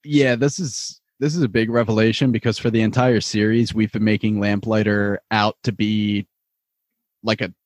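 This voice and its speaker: Man summarizing plot in steady chat. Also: lowish voice, normal speed, no echo. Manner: narrates plot step by step, earnest. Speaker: podcast co-host. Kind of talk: casual chat recapping a TV episode.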